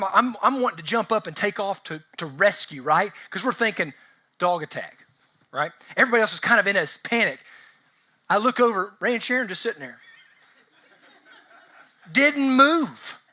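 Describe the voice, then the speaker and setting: A pastor delivers a relaxed, conversational sermon with a high, bright voice. He keeps checking in with the congregation through quick rhetorical questions, talking like he's chatting with friends.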